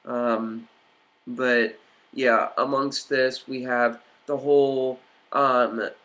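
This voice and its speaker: A man rants to camera in a rambling, agitated way. He swears freely and fills his pauses with ums and uhs, and his voice sits at an ordinary middle pitch. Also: little pitch movement, fairly bright tone. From United States. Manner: agitated, profane, rambling with many fillers. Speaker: vlogger. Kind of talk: ranting vlog commentary.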